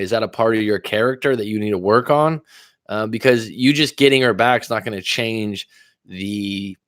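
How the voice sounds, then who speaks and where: A life coach hosting a livestream speaks in a low male voice, recorded close and dry with no echo. He's casual and quick, reading chat comments aloud and firing back pointed questions. He admits coffee has him talking fast, and he stumbles and stutters now and then.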